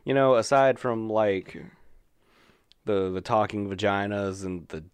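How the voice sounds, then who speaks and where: A man's voice: lowish voice, a little slow, smooth, dry recording. A young man in casual chat, crude and joking, laughing a lot.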